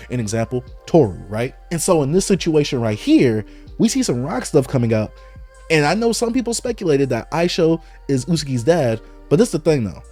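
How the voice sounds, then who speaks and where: A man hosting a casual live read-along, thinking aloud and jumping excitedly into speculation. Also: medium pitch. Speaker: host reading comics aloud.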